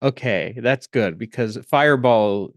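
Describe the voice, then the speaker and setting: A woman's voice: rumbling low, measured pace, no room sound, clean studio sound. A woman player at a tabletop game, chatting eagerly. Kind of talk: tabletop role-play chat.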